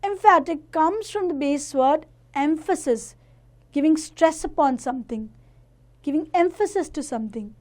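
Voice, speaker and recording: A woman teaching a grammar lesson to children, explaining each point slowly and carefully. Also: high-pitched, expressive, darkish tone.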